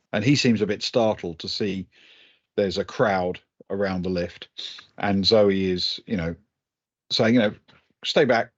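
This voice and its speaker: A man narrating a tabletop game as game master, hesitant and full of ums and restarts. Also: lowish voice. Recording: dull lo-fi audio.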